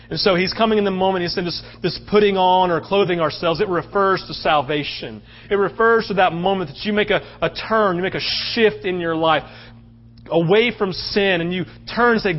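A male pastor preaching with a high, lifted voice, swinging from animated storytelling to quiet, earnest appeals. The recording sounds dull and lo-fi, like a captured church sermon. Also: a little fast. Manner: animated storytelling, drops to soft earnest tones.

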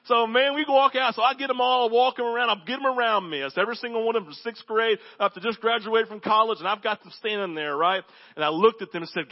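A male pastor with a notably high voice delivers a sermon full of lively stories. He swings from excited bursts down to a quiet, intense near-whisper. The audio sounds dull and lo-fi. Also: fast talker. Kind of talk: sermon with storytelling.

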